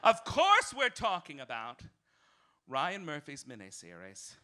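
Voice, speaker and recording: A man's voice: a little high, huge pitch swings, measured pace, sharp tone. A man hosting a stand-up comedy monologue in a cabaret club, campy and theatrical, breaking into shrieks. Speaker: comedy host. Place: small cabaret club with live audience.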